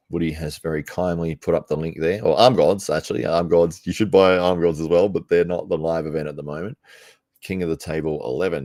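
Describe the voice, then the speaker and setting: Deep-voiced man chatting on a live stream. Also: a little mellow, no room sound, clean studio sound. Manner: chatty, laughs often, rambles between tasks. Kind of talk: casual live-stream commentary.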